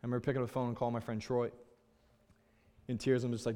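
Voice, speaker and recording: A man's voice: medium pitch, little pitch movement, rapid-fire, long pauses, dark tone. A young man, a pastor, telling a personal story in a sermon, earnest and openly emotional in a candid, conversational way.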